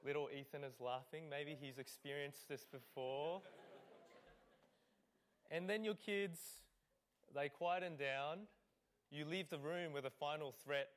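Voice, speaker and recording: Guy pastor giving a chatty sermon at church, kinda high voice, lots of ums. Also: unhurried, pauses often. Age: adult parent. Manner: conversational, with fillers; acts out scenes. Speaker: lead pastor.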